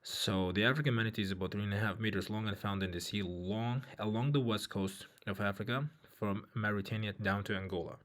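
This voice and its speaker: A man's voice: on the low side, steady tone, a little fast, few pauses, fairly bright tone. A man working through an exam reading passage, thinking aloud with many fillers and restarts. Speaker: IELTS tutor. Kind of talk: walkthrough of a reading test.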